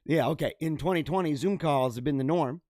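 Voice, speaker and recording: A man's voice: a little high, brisk, a little mellow, dry recording, clean studio sound. A man hosting a show, casually reading out odd news stories and riffing on them with lots of laughter, speaking straight to his viewers. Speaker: podcast host.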